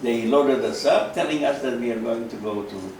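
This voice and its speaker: A man, giving a halting personal testimony in an interview, full of fillers and repeats. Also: mid-range voice, darkish tone, a little hiss or hum. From Carpatho-Ruthenia, Eastern Europe. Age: 90s. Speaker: interview guest, Holocaust survivor. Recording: echoey room, mic at a distance.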